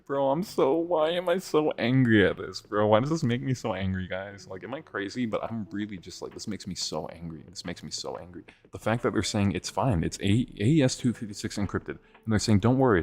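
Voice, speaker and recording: A man in his twenties hosting a livestream, ranting excitably with lots of swearing and laughter. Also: lowish voice, brisk, few pauses. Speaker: livestream host. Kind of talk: livestream rant.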